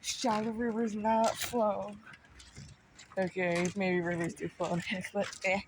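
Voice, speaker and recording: Slow-talking playful woman vlogging outdoors. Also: medium pitch, steady tone, background noise. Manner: playful, chatty, exclaims at what she sees. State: slightly out of breath. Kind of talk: casual walking vlog. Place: outdoors on a nature trail. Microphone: handheld phone.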